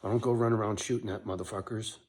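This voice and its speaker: A man's voice: lowish voice, steady tone, very fast, a little mellow. A man talking straight to camera in a casual, emotional monologue, blunt and profane, and he keeps checking in with "right?". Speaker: vlogger running a dog rescue.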